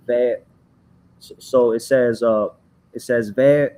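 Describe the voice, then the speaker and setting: A man in a casual heated debate, arguing his point, reading text aloud slowly and calling the other man "bro". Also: medium pitch, steady tone, warm tone, poor audio.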